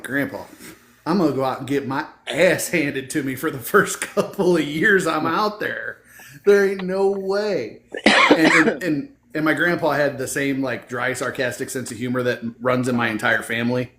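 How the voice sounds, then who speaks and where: A man's voice: medium pitch, moderate pace, sharp tone. Give me a man hosting a podcast, talking earnestly in an echoey room. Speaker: podcast host. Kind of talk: casual conversation. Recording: echoey room with faint hiss.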